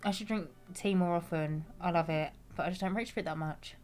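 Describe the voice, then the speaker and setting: Young British woman streamer, slightly low voice, talks easily while gaming. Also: brisk, darkish tone, soft background music. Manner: chatty, reads chat aloud and answers, swears casually. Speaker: game streamer. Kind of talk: casual live-stream chat.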